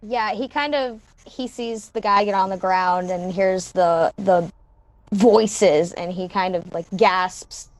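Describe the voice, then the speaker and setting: A woman's voice: lowish voice, no echo. A woman playing a character in a horror tabletop game, describing her moves casually and laughing easily. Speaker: player.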